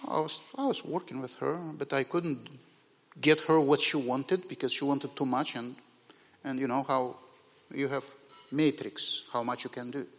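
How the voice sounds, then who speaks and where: A man whose first language is not English, preaching a sermon in a church hall, moving from quiet musing to loud, emphatic bursts. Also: mid-range voice, steady tone, moderate pace. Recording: long hall reverb.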